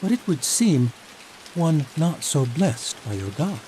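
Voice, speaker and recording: A man voicing a cunning, cold chancellor who speaks smoothly with dark amusement and menace, over steady rain. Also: fairly high pitch, a little slow, voice pushed up, rough recording. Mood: amused. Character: cunning, cold middle-aged male chancellor. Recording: steady rain noise behind voice.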